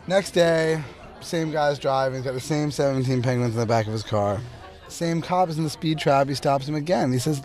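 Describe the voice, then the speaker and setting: Rapid, animated man telling a joke. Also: a little high.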